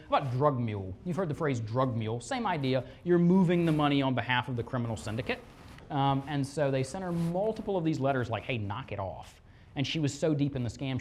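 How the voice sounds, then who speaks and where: Detective teaching a class, highly animated, swooping pitch, quizzes the room, slips into scammer voices. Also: a little hiss or hum. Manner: animated, fires rhetorical questions at the audience; acts out scammers' lines in quick put-on voices. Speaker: police fraud detective. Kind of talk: lively classroom presentation. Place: presentation room with a live audience.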